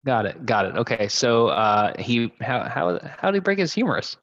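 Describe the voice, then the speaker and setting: A man's voice: mid-range voice, very animated, normal speed, fairly bright tone, dry recording. A man co-hosting a podcast, joking and teasing in casual banter. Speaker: podcast co-host. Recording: dry, dull remote recording.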